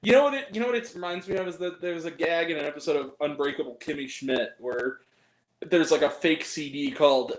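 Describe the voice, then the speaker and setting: On his movie review podcast, a man keeps things loose and casual, wandering and cursing between filler words and giggles. He speaks briskly in a fairly high voice, and the audio carries reverb.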